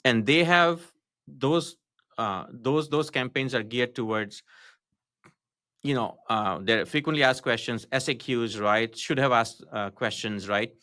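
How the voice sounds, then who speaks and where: A man guest on a podcast, explaining business tactics in a halting, matter-of-fact way with many fillers and restarts. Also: medium pitch, bright, forceful tone, no echo, studio quality. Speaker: podcast guest, marketing consultant. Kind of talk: casual podcast interview.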